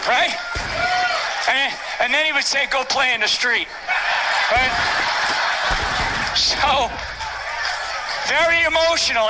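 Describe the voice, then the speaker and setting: A man's voice: extremely high pitch, background noise. An older man speaking from a stage at a public event, emphatic and repetitive, often tagging lines with "right?". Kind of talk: rally speech.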